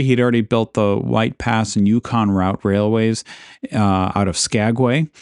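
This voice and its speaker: Low smooth guy rambling through some history, dry close mic, stops to fix himself a lot. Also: dry recording. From Alaska. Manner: relaxed, rambling, self-correcting with asides. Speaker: podcast host. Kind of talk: casual history narration.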